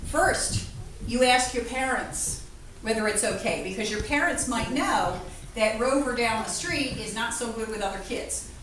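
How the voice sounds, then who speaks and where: High woman vet, lively with kids; distant mic, echoey room. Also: measured pace. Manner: animated, playful, asks children questions. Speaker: veterinarian giving a school talk. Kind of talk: lively classroom talk to children. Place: classroom. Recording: echoey room from far off, faint noise.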